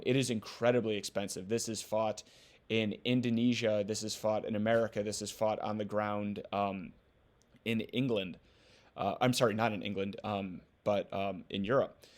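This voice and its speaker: A man teaching a recorded history lesson in a loose, joking way, with many ums and playful asides. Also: fairly low pitch. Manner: casual, joking, acts out quoted voices.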